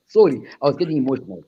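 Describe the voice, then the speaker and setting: A high-pitched, raspy man holds forth in a loud, boastful rant, hammering the same slogans again and again. His voice comes through dull and lo-fi, like call audio with the highs cut off. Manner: boisterous, repeats boastful slogans. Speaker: caller.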